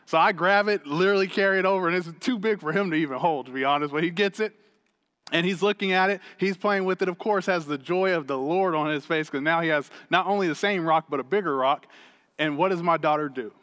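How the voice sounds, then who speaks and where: A man in his thirties preaching a sermon, energetic and chatty, telling a family story with laughs. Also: fairly high pitch, fast, in a large hall. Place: church hall stage.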